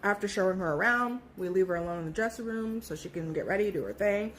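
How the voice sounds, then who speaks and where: Animated woman in her thirties telling a story. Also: medium pitch, fast, a little hiss or hum. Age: 30s. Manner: animated, acts out quoted voices, swears freely. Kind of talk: casual storytelling.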